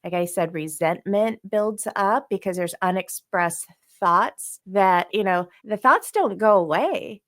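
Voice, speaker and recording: A woman's voice: medium pitch, animated, measured pace, hardly any pauses, fairly bright tone. A woman co-hosting a podcast, explaining relationship ideas in a thoughtful, conversational way with light laughs. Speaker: podcast co-host.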